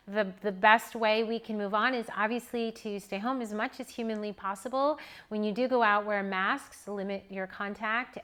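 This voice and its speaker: A woman's voice: medium pitch, fairly bright tone, clear, resonant tone. A middle-aged woman photographer speaking from home in an earnest, heartfelt monologue full of restarts. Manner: earnest, with restarts and rising emotion. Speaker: newborn photographer and educator.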